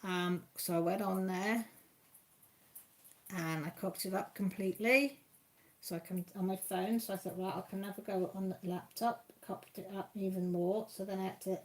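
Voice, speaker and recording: A woman's voice: medium pitch, moderate pace, a little mellow. A woman chatting casually to viewers by name on a crafting live stream at home, rambling from one thing to the next.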